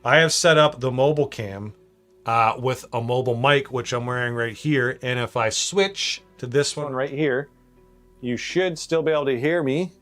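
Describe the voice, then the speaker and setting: Soft music plays behind a Canadian man streaming live from his home studio through a shotgun mic. His mid-range, somewhat bright voice moves at normal speed as he chats upbeat with viewers, greeting them and reading comments aloud.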